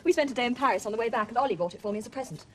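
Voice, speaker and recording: An actress playing an excitable, spoiled upper-class schoolgirl who gushes breathlessly, in a 1970s TV period drama. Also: on the high side, rapid-fire, slight background noise, natural voice. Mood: excited. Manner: breathless, gushing.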